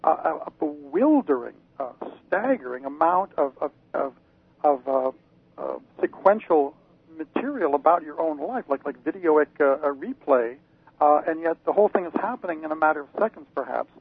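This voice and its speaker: A man, a parapsychologist guest on a radio interview, explaining slowly with many fillers and restarts over a phone line. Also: on the high side, lively intonation, husky, dry recording. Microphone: phone call-in. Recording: tinny phone line, dry.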